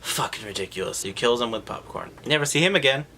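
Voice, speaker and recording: Over music, a man of medium pitch and creaky tone delivers a snarky, energetic rundown of a movie, ridiculing scenes and jumping into quick silly impressions of the characters.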